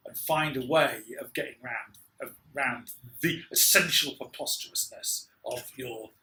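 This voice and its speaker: A man co-hosting a casual film review chat, rambling with lots of restarts and quick laughs. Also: mid-range voice, sharp tone, reverberant, slight background noise. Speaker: podcast co-host.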